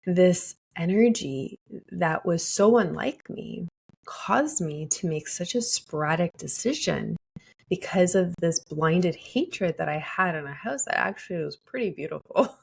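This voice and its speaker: Husky, gravelly woman telling her story. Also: fairly low pitch, a little mellow. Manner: candid, emotional, laughs often while telling. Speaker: podcast host. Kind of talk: personal storytelling monologue.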